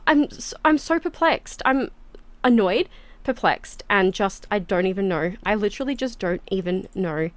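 A woman hosting a gaming channel, giving casual, chatty gameplay commentary with lots of quick exclamations. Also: medium pitch, lively intonation, dry recording.

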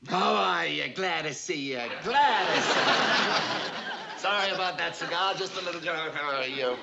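An actor playing a brisk, bald male efficiency expert in a 1960s sitcom who barks rapid repeated commands. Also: on the high side, lively intonation, gravelly, echoey room. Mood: bossy. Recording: muffled old TV soundtrack with hiss.

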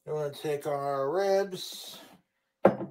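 Slow-talking man narrating his cooking. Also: a little high, low-quality recording. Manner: slow, relaxed, talks to camera. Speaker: home cook filming himself.

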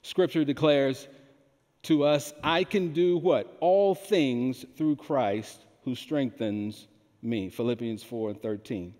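Slow, emphatic male preacher in reverb. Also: medium pitch, a little mellow. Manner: slow, emphatic delivery with call-and-response questions. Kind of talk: sermon. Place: large church hall. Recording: long hall reverb.

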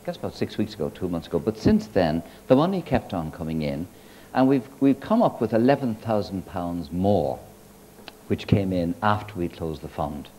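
A man's voice: sits low, sing-song, moderate pace, mellow. A man in his sixties hosting a live television chat show, questioning guests in a studio. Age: 60s. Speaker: talk show host. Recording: TV studio with audience and noise.

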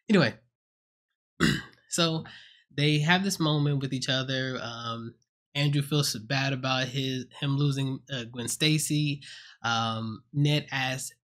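A man's voice: medium pitch, a bit bright. A man giving a casual spoken movie review at home on a close mic, retelling scenes with jokes, swearing and acted-out quotes. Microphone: own desk mic, close.

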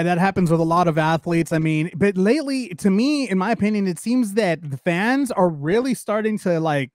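Man, podcast co-host, high voice, agreeable chatter, dry sound. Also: darkish tone, dry recording. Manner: agreeable, quick interjections. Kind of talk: casual chat.

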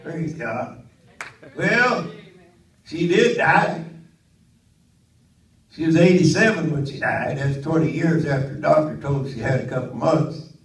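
An older man preaching a Pentecostal sermon in a church, swinging from quiet storytelling up to loud, high-pitched shouting. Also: a little slow, pauses often. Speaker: pastor. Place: church sanctuary. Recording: roomy church audio from a distant mic.

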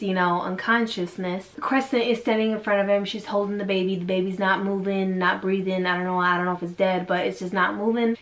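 A woman vlogger casually retelling a strange story, sassy and slangy, acting out the quotes. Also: medium pitch.

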